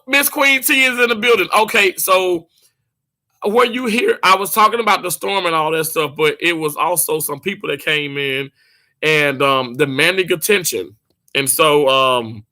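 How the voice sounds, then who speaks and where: A man hosting a casual live stream, talking straight to viewers in the chat. His voice is a touch high and strikingly bright. He rambles warmly, trips over restarts, and breaks into quick laughs. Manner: chatty, animated, quick laughs, many restarts.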